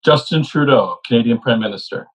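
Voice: medium pitch, a little fast, low-quality recording. An interviewer asking questions in a casual, hesitant way.

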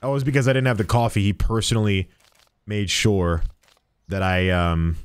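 A man's voice: lowish voice, steady tone, normal speed, clean tone, no room sound. A young man streaming a game, chatting playfully as he plays a shopkeeper and jokes with customers. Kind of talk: let's-play commentary.

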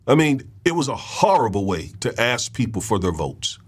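A man's voice: mid-range voice, very animated, moderate pace, breathy edge. A man hosting a political commentary show, talking in a loose conversational monologue, often repeating words and checking in with his listeners.

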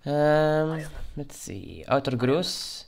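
His voice a little high, creaky, and lively in intonation with drawn-out words, a gaming channel host narrates his gameplay as a let's play. He takes on a border guard role in a jokey Russian-style voice, muttering while reading documents.

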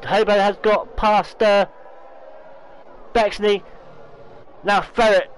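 A very high-pitched man calls a sim race in a rush, stumbling and correcting himself as he goes. His voice is fraying, and a faint hiss sits under the recording. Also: rough recording. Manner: excitable, talks fast with restarts and self-corrections. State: losing his voice, hiccups. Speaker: race commentator. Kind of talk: esports racing commentary.

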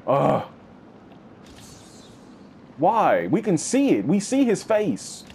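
A man giving casual, slangy let's-play commentary, swinging between high yelps and low growls. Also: extremely slow, vocal fry, a little hiss or hum. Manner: animated, slangy, swings into high-pitched bits and deep growls. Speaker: gaming YouTuber.

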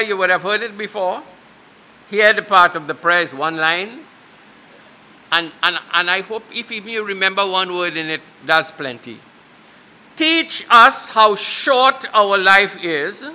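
A man leading a funeral prayer and sermon, earnest and repeating key lines slowly for emphasis. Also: high voice, bright, forceful tone. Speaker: minister leading a funeral service. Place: funeral service.

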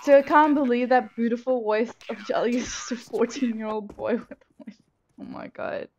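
Excitable young woman game streamer, headset mic. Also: fairly high pitch, moderate pace, muffled recording. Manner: excitable, swears freely, shrieks at misses. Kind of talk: casual live gameplay commentary. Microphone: gaming headset.

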